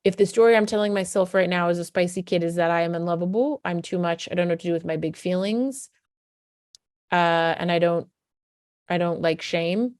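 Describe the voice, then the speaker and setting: In a casual talk to camera, a woman who coaches parents gives emphatic, conversational advice and acts out a parent's words to a child. Her pitch is fairly low and her tone darkish and clean, and she speaks a little fast. It's a dry recording with clean studio quality.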